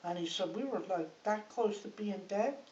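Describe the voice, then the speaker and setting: Sitting on a sofa in her living room, a grandmotherly older woman spins a loose, rambling story, chatty and checking in with "right?" and "like." Her medium-pitched voice is warm and animated at normal speed. Recorded from across an echoey room, the home audio is muffled and hissy.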